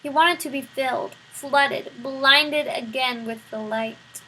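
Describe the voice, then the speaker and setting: A woman reading a children's novel aloud, expressive and speaking straight to the listener. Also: high-pitched, slow pace, a little hiss or hum, rough recording. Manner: expressive, addresses the listener directly. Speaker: storybook reader.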